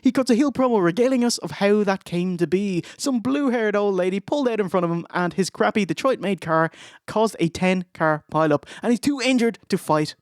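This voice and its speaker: A man's voice: high voice, lively intonation, brisk, no echo, studio quality. A man co-hosting a podcast, retelling events with wry humour and frequent laughs. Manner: wry storyteller, laughs often between lines. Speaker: podcast co-host. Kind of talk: casual wrestling review chat.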